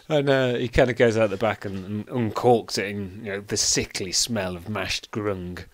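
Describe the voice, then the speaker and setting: A man's voice: lowish voice, fairly bright tone, a little hiss or hum. A man running a tabletop game as game master, narrating chattily and laughing often.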